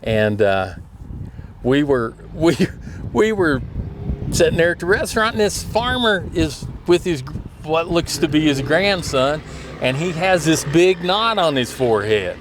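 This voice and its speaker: A man's voice: a little high, sing-song, a little slow, noisy background. A middle-aged man, telling rambling, folksy stories and often laughing. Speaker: storyteller. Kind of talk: casual storytelling.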